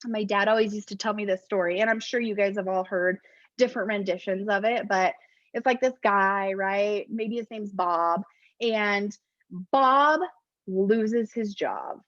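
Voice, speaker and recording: A woman's voice: mid-range voice, measured pace, fairly bright tone, no echo. A woman giving a casual motivational talk as a network marketing presenter. She is chatty and self-deprecating and laughs often, in a dull, dry recording.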